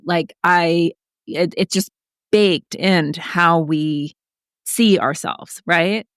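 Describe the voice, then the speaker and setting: Low-voiced reflective woman talking as a guest. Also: fairly even intonation, normal speed, no echo, clean studio sound. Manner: reflective, talkative, many fillers like "like". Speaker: author and podcast guest. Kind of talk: casual interview conversation.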